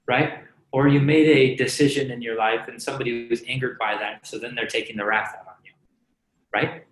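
Brief: casual male preacher, bright tone, echoey church room, chatty sermon with frequent check-ins. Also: mid-range voice. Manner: conversational, asks the crowd "right?" often, jokes and laughs. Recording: roomy echo.

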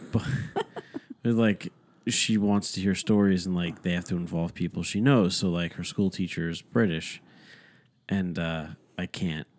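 A man's voice: low voice, unhurried, a little mellow. A man in his thirties, a father, co-hosting a podcast and telling stories in a laid-back, self-deprecating way. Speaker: podcast co-host. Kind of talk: casual chat.

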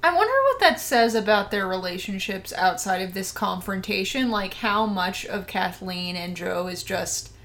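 A woman's voice: mid-range voice, animated, moderate pace, hardly any pauses, a bit bright. A woman co-hosting a casual film discussion, enthusiastic and emphatic as she dwells on key words. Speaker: podcast co-host.

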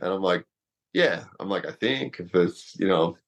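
Low-voiced man telling a rambling story. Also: lively intonation, normal speed. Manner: rambling, lots of fillers, laughs through story. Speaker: guest, former wrestler and fighter. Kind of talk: casual storytelling.

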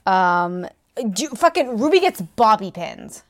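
A woman's voice: mid-range voice, very animated, slow pace. Wry, profane woman co-host. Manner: wry, profane, dryly commenting. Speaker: podcast co-host. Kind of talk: casual chat recapping a novel.

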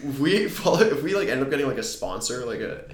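A man co-hosting a podcast in casual chat, rambling and halting with lots of fillers and restarts. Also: mid-range voice, very animated, reverberant. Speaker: podcast co-host.

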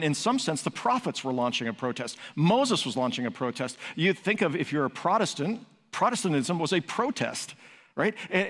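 A man preaching a sermon as pastor, emphatic, building to raised peaks and asking rhetorical questions. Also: on the high side. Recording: long hall reverb.

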